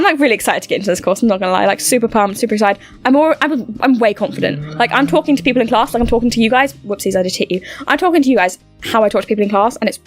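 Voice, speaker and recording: A woman's voice: fairly high pitch, no room sound. A young woman chatting to camera from home, bubbly and rambling, full of fillers and restarts. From United Kingdom. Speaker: YouTuber. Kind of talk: casual to-camera update chat.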